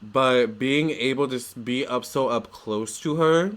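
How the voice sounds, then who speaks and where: A man's voice: medium pitch, a little slow, fairly bright tone. A young man vlogging in a chatty, gushing way, full of fillers and restarts. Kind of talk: casual storytelling vlog.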